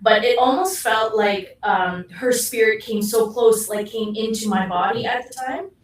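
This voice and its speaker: A woman's voice: on the high side, measured pace, a little hiss or hum. A woman from Canada, a guest paranormal investigator, telling personal stories in an earnest, open way. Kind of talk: casual interview chat. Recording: echoey room, far from mic.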